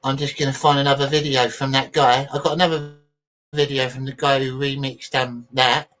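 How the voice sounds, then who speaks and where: A man's voice: mid-range voice, level tone, brisk, fairly bright tone. A man hosting a casual livestream, rambling chattily to his viewers and swearing freely while he sorts out videos on his computer. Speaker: livestream host.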